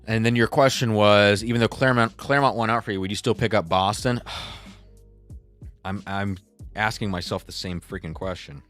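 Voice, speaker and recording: A man's voice: lowish voice, steady tone, normal speed, a bit bright, faint music behind. A young man hosting a casual live stream, chatty and reading viewer comments aloud. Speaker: livestream host.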